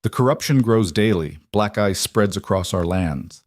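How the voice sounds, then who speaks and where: A man's voice: fairly low pitch, animated, normal speed, no echo, clean studio sound, lightly acted. A man voicing a huge, scarred, fierce wolf-pack alpha who growls his lines in a thick northern accent and speaks with solemn weight.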